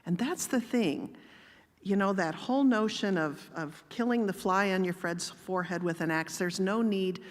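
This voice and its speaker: A woman giving a sermon-style talk with personal stories, speaking in a calm, measured, gently conversational way. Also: mid-range voice, big-room sound. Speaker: guest speaker. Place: church.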